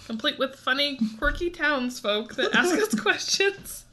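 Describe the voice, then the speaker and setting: A woman co-hosts a casual podcast in a bright, tense voice pitched a little high. She is chatty and playful and laughs often. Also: animated, a little slow. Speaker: podcast co-host.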